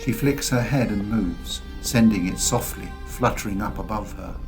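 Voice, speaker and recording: A man narrating a fantasy audiobook in a slow, expressive storytelling voice. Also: fairly low pitch, music in the background.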